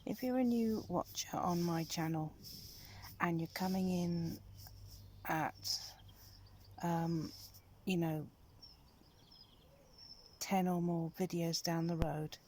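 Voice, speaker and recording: Older lady vlogging from a tent, lowish voice, half whispering, rain and outdoor noise behind. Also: steady tone, slow pace, pauses often. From United Kingdom. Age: 60s. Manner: chatty, often hushed to a whisper early in the morning. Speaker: nomad vlogger. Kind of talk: casual chat to camera. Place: tent at a campsite.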